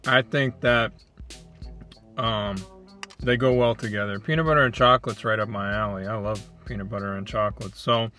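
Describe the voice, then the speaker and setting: A man's voice: fairly low pitch, moderate pace. Guy from michigan chatting thru a snack review, laid back, lots of ums, faint music behind. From Flint, Michigan. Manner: relaxed, thoughtful, lots of ums. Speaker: food review host. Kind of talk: casual food review chat.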